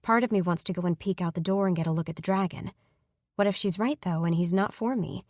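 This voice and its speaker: Low-voiced woman narrating an audiobook. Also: fast talker, a little mellow, dry recording, clean studio sound. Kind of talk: first-person fantasy romance narration.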